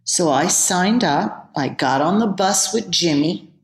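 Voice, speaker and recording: A woman's voice: on the low side, animated, a little slow. A woman, a yoga teacher, telling a candid personal story as an interview guest. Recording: roomy echo.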